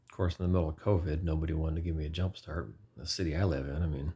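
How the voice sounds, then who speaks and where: Man in his 40s, deep husky voice, earnest lay preacher, rambling testimony, self-correcting. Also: steady tone, fast talker, mellow. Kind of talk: informal personal testimony.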